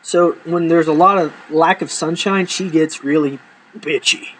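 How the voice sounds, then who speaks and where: A man casually telling profane, animated stories from his life to camera, acting out the people in them. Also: fairly high pitch, a little slow, a little hiss or hum, low-quality recording.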